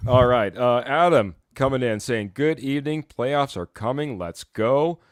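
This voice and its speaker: A man's voice: mid-range voice, a little slow, no room sound, clean studio sound. Upbeat male host of a fan sports stream. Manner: upbeat, reads viewer comments aloud, chuckles often. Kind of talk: casual live-stream sports chat.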